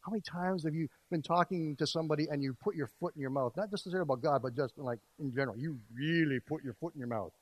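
A man's voice: a little high, fast, few pauses, no echo, rough recording. Earnest male preacher, dry sound. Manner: earnest, dynamic preaching with swings in volume. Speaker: pastor. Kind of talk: sermon.

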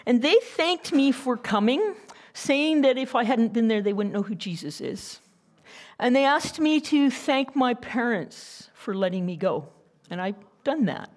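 A woman's voice: a little high, measured pace. Woman missionary telling stories at church. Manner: lively, conversational, with restarts. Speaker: missionary speaking to her church. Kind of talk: storytelling church talk.

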